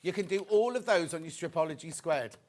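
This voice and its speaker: A British man presents live on a TV shopping channel with his voice sitting fairly high. His pitch swings widely as he chats, counts down stock and teases the crew. He sounds excitable and talkative. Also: brisk. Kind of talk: live TV shopping sales patter. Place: TV studio.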